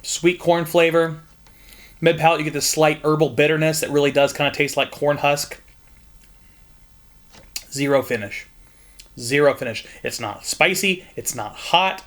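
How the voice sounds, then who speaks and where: A man's voice: a little high, moderate pace, a bit bright. A young man from Southern Indiana giving a frank, joking whiskey tasting review, with the odd curse.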